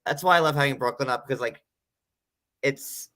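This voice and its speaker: A woman with a notably low but bright voice talks loosely on a chat panel. She rambles, restarts and leans on "like" constantly. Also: normal speed. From tri-state area of the US. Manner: rambling, heavy use of "like". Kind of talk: casual podcast chat.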